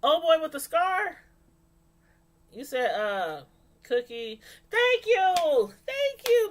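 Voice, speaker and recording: A woman's voice: very high voice, animated, takes it slowly, a bit bright. A woman chatting casually with live viewers as she reviews a TV episode, laughing often and answering the chat. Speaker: show reviewer on a live stream.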